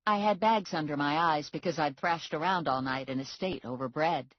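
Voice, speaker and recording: Low, husky woman narrating wryly. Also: normal speed, hardly any pauses, no room sound, dull audio. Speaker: audiobook narrator. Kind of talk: scripted first-person narration.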